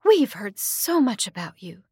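A woman voicing the ghost of a dead mother, soft and welcoming. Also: medium pitch, big pitch swings, a little slow, slightly rough, dry recording, studio quality, heavily acted. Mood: sweet.

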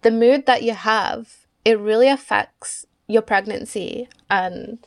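A woman co-hosting a podcast, talking calmly and weighing both sides. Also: on the high side, takes it slowly. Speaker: podcast co-host. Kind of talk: casual chat.

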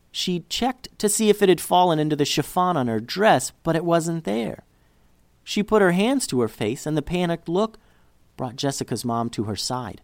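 A man reading a children's story aloud, with a voice that rises and falls a great deal. His delivery is expressive and steady. The recording is dry and close. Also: on the high side, normal speed, no room sound.

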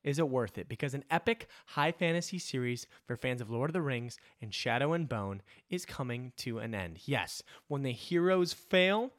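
A man's voice: mid-range voice, dry recording, clean studio sound. A man, the show's host, reading sponsor ads with an upbeat, emphatic delivery. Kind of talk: ad read.

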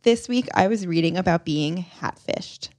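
A woman's voice: on the low side, moderate pace, darkish tone, no echo, studio quality. A young woman co-hosting a casual dating podcast, chatty, telling stories with giggles. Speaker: podcast co-host. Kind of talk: casual chat.

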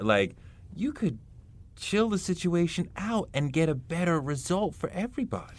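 A man's voice: on the high side, big pitch swings, moderate pace. A man hosting an interview, asking thoughtful, probing questions in a conversational way. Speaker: podcast host.

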